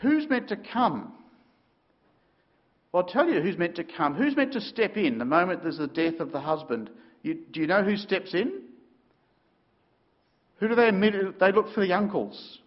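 A man preaching a sermon, telling the story dramatically with sudden shifts between loud and quiet. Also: high-pitched, animated, normal speed, long pauses, highs cut off.

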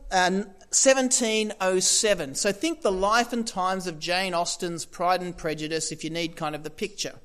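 A man's voice: sits high, a bit bright. A man preaching a sermon in a conversational way, with asides and repeated phrases for emphasis.

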